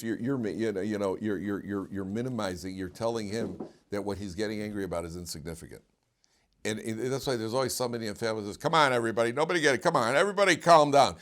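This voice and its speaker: A man, a rabbi giving an informal Torah class, talking animatedly many restarts and questions to his students. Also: on the low side.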